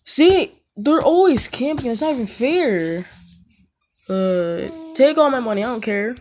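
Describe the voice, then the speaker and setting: A woman chatting casually over gameplay at home, slangy and prone to sudden excited yelps. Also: a little high, unhurried, slight background noise. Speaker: gaming YouTuber.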